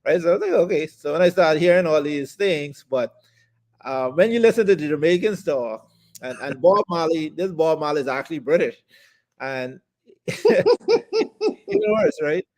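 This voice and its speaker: A man's voice: fairly high pitch, brisk, a little mellow. A man co-hosting a casual talk show, easygoing and chatty, with frequent fillers and laughter. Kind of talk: casual chat.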